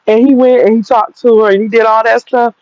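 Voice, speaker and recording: A woman's voice: on the high side, moderate pace, darkish tone, no echo, lo-fi sound. A woman in her forties telling a personal story straight to viewers, blunt and profane, laughing through it. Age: 40s. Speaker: vlogger.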